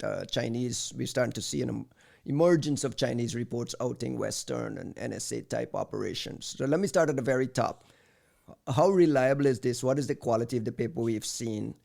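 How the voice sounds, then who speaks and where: Male podcast host, gravelly voice, steers the talk and asks questions. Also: medium pitch, darkish tone. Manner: steering discussion, introducing topics and posing questions. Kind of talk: casual chat.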